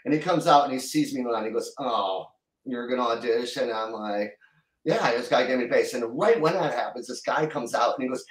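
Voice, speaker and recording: A middle-aged man telling a long story as a guest in an interview, rambling and halting, with many restarts. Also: medium pitch, echoey room, far from the mic, low-quality recording. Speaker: guest musician.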